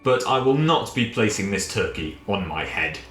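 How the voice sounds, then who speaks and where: In a fairly echoey kitchen with faint music, a man with a lowish, slightly bright voice, big pitch swings and a moderate pace runs a playful French class for children. He says words over and over in varied voices so the pupils can copy them.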